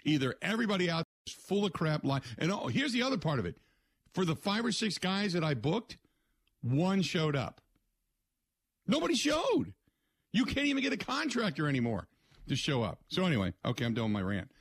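A man's voice: on the high side, very animated, a little fast, no echo, studio quality. A man hosting a sports radio show, rambling and joking through casual rants. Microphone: studio mic.

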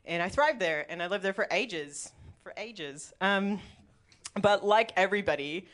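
A woman's voice: medium pitch, animated, moderate pace, fairly bright tone. A woman in her thirties from the Midwest, telling a personal story to a live audience in a chatty, laughing way, full of "like" and swearing. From Milwaukee, Wisconsin, USA.

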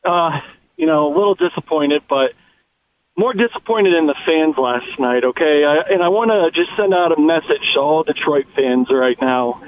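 A man's voice: on the high side, moderate pace. A man calling in to a sports radio show, ranting in a fired-up way. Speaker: caller. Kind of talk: call-in radio chat. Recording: tinny phone line with faint noise.

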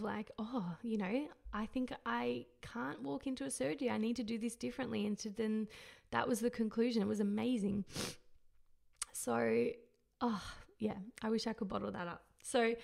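Woman with a very creaky voice, emotional. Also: fairly high pitch. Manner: emotional, heartfelt, halting and repeating herself. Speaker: mother telling her birth story. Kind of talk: personal storytelling.

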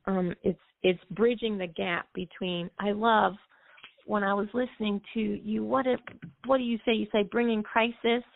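Gravelly-voiced woman explaining over the phone. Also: medium pitch, fairly even intonation, moderate pace. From United States. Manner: explanatory, sings snippets of songs to illustrate. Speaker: music therapist guest. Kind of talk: call-in radio interview. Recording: tinny phone line, dry.

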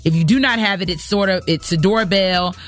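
A woman's voice: lowish voice, brisk, faint music behind. A woman hosting a morning radio show, chatting casually and emphatically, exclaiming as she tells a story. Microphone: studio microphone.

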